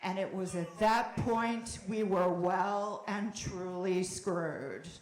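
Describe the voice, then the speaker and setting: A middle-aged woman doing a stand-up comedy set, animated, with sudden shouted bursts and wry asides. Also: mid-range voice, takes it slowly, reverberant. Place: comedy club.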